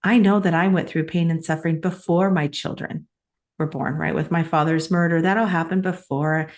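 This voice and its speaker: A woman's voice: sits low, steady tone, normal speed, darkish tone. A middle-aged woman co-hosting a talk show, telling a personal story in a heartfelt, chatty way. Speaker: podcast co-host. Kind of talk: casual chat.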